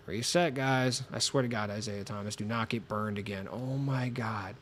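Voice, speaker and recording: A man streaming a basketball video game, chatting casually and excitably with viewers, cursing as he plays, with a voice a little lower than usual from being sick. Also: moderate pace, slight background noise. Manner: swearing, excitable, talks to chat while playing. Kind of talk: casual gaming stream chat.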